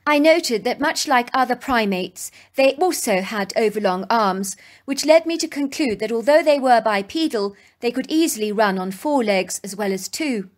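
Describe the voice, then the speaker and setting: A woman's voice: fairly high pitch, lively intonation, moderate pace, hardly any pauses. A woman narrating a dramatic first-person story in a vivid, emphatic way.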